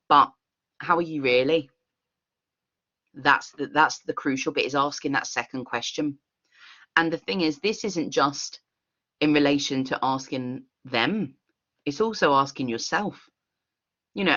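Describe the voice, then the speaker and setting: A woman leading an online workshop, talking in an expressive, earnest way over a video call. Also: extremely low pitch, dull audio. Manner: expressive, earnest, with quick laughs. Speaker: workshop facilitator.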